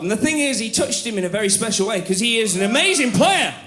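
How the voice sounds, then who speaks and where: Shouting comic frontman on a live stage. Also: very high-pitched, sing-song, brisk, hardly any pauses. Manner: shouty, jokey showman. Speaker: bandleader, compère. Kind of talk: live stage banter and singing. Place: live music venue on stage. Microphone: stage microphone. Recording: live concert with echo and band music.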